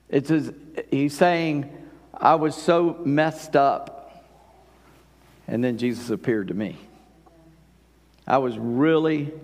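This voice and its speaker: A man's voice: on the high side, a little mellow. A man preaching a sermon in a conversational way, rising and falling in volume to stress his points. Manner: conversational preaching, swells and drops in volume for emphasis. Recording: long hall reverb.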